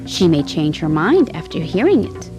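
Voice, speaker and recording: A woman voicing a mysterious male stranger who speaks earnestly and gravely. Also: sits low, big pitch swings, normal speed, over music.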